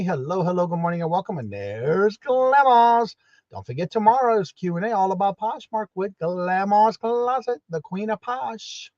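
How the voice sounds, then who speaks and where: A man with a high, light voice hosts a casual morning live stream, warmly running through hellos to each viewer. The sound is dull and lo-fi. It is also dry, with no room echo. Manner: greets chat viewers one by one, repetitive and upbeat.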